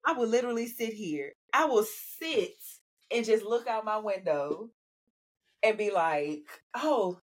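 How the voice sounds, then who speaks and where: A woman's voice: medium pitch, expressive, measured pace. A woman co-hosting a podcast, chatting casually with a sassy storytelling manner. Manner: sassy, storytelling, says "child" and "girl". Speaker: podcast co-host. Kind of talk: casual chat.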